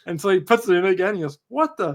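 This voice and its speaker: A man co-hosting a podcast, telling animated stories in casual chat and laughing often. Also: high voice. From Canada. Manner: fast, animated, laughing storyteller. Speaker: podcast co-host.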